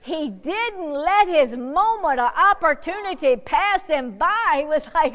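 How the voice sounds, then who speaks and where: Woman pastor, fervent sermon delivery, high pitch, unhurried pace. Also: expressive. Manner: fervent preaching, swinging from shouts to hushed prayer.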